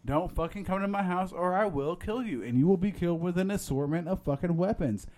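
Heated, profane man with a mellow voice. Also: sits high, a little fast. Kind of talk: casual group chat.

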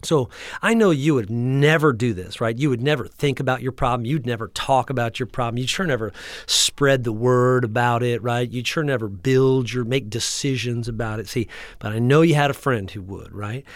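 A man host coaching an audience in an energetic teaching talk, often checking in with his listeners and restarting his sentences. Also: medium pitch, normal speed, no echo, clean studio sound. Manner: frequent restarts and repeated words. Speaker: practice growth coach and podcast host.

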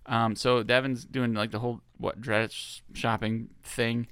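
A man's voice: mid-range voice, a little slow, clear, resonant tone, no echo, clean studio sound. A man co-hosting a podcast, chatting casually and animatedly, swearing often. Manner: animated, swears, laughs between remarks. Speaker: podcast co-host. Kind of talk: casual chat.

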